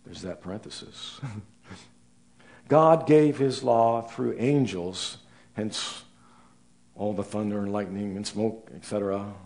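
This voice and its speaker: Older male preacher, sixties, measured sermon delivery, unhurried, voice rising for stress and dropping quiet at line ends. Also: lowish voice, creaky. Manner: slow, deliberate delivery with rising emphasis and soft trailing phrase ends.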